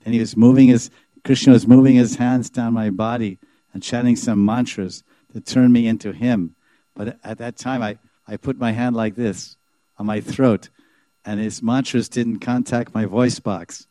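A man's voice: mid-range voice, steady tone, normal speed, warm tone, no room sound, lightly acted. A man doing a sly god faking a shy girl. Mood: confiding.

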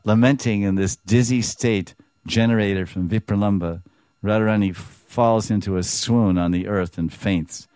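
A man's voice: on the low side, a little slow, clear, resonant tone, dry recording. A man teaching a sermon on scripture, telling the story with animation and chuckling as he explains words. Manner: animated storytelling, acts out dialogue, chuckles often. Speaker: spiritual teacher.

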